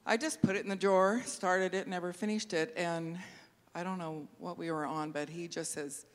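A middle-aged woman giving an emotional personal testimony at church, halting and tearing up at times. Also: lowish voice, steady tone. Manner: halting, laughs and tears up while speaking. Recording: long reverb of a large hall.

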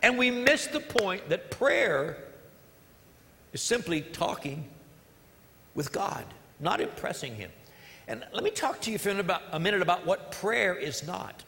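A man's voice: high voice, lively intonation, unhurried, creaky, sharp tone, long reverb tail, slight background noise. A male pastor preaching a sermon in an earnest, emphatic way, repeating key phrases, during a church service.

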